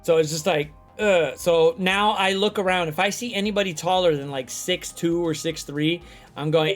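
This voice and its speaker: A man hosting a casual late-night chat, telling stories in an animated, profane way. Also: a little high, brisk, faint music behind. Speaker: host.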